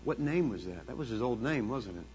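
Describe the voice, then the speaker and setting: A man preaching a sermon as the pastor, dramatic and swinging between hushed tones and loud bursts. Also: mid-range voice, animated, a little fast, slight background noise. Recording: dull lo-fi sound with long hall reverb.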